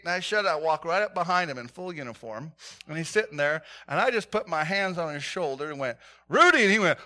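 A male pastor preaching a sermon to his church, telling stories with animation and dropping from loud calls to hushed points. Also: a little high.

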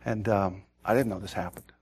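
A man preaching a sermon, telling a quiet personal story and then rising into loud, urgent exhortation, often repeating words as he starts a thought. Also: fairly low pitch, steady tone, fairly quick, slightly rough. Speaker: pastor.

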